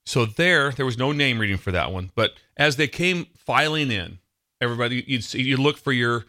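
A middle-aged man hosting a casual talk show, telling a story in an animated, excitable way. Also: mid-range voice, normal speed. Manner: animated, excitable storyteller who shouts quoted lines. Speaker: radio show host.

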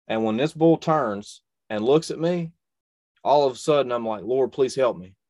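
As a guest, a young hunter and video creator earnestly recounts a personal hunting story, repeating phrases for emphasis. His mid-range voice is a little mellow, and the recording has no echo.

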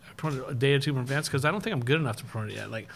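A man's voice: mid-range voice, gravelly, fairly bright tone, slight background noise. Swearing, laughing graffiti artist man. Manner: profane, laughs often, rapid bursts. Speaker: graffiti artist and live-stream host. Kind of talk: casual podcast chat, storytelling.

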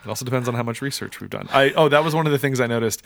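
A man's voice: medium pitch, very fast, gravelly, fairly bright tone, no room sound. A man co-hosting a music podcast in casual chat, full of filler words and ready to talk music theory. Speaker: podcast co-host.

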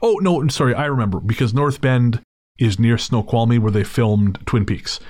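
A man's voice: medium pitch, normal speed, a little mellow, no room sound, studio quality. A man hosting a podcast, telling a story in a casual, wry and digressive way, with frequent restarts. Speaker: podcast host.

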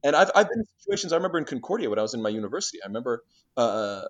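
A man being interviewed, telling stories in a lively way and acting out conversations, with many restarts and fillers. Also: mid-range voice, rapid-fire. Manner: animated storyteller who acts out exchanges, many restarts and fillers. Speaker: interview guest. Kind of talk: casual storytelling interview.

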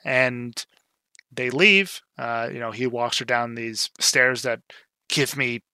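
A man's voice: medium pitch, slow, pushed and bright, clean tone, no echo. A young man casually recapping a film scene, chatty and rambling with lots of fillers and acted-out quotes. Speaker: film discussion co-host.

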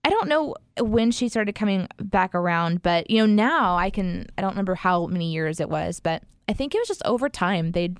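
A woman tells a personal story in a loose, rambling way, full of fillers and quick laughs. Her voice sits at an ordinary middle pitch. The recording is close and dry, with no room sound. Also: lively intonation, smooth, no room sound. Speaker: guest sharing her story.

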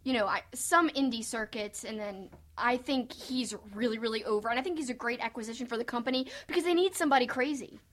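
High-voiced enthusiastic woman podcaster. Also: fast talker, hardly any pauses, fairly bright tone, a little hiss or hum. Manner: enthusiastic, chatty, lots of "like". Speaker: podcast co-host. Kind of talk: casual wrestling podcast chat.

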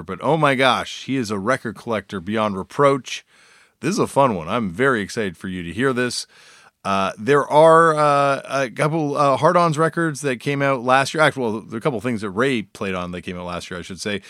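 A man's voice: medium pitch, fairly bright tone, no echo, studio quality. A man hosting a podcast, giving a casual, enthusiastic intro full of fillers and restarts. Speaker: podcast host.

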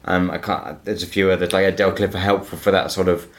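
Male host, lower voice, easy encouraging interviewer. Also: flat delivery. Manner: encouraging, quick affirmations. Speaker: podcast host. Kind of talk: casual podcast chat.

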